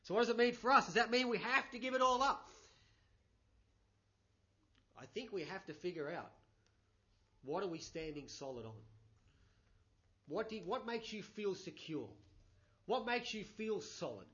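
High bright preacher. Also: male voice, expressive, fairly quick. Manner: conversational, many 'you know' fillers, rising emphatic bursts. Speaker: pastor. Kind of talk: sermon. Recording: dull lo-fi recording.

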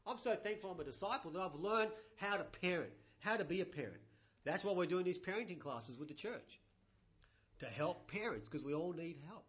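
A man's voice: high-pitched, animated, fairly quick, fairly bright tone. A man preaching a conversational sermon, with lots of 'you know' and emphatic bursts. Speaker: pastor. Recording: dull lo-fi recording.

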